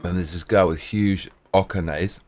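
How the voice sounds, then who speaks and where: Man streamer, low voice, lively swings in pitch, rambling profane storytelling. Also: measured pace, slight background noise. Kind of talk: casual chat on a live stream.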